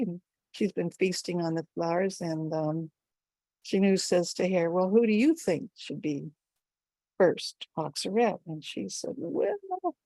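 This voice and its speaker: A woman's voice: on the low side, vocal fry, no room sound. A woman storyteller telling a folktale live at an online gathering, jumping her voice up for the animal characters. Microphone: video call.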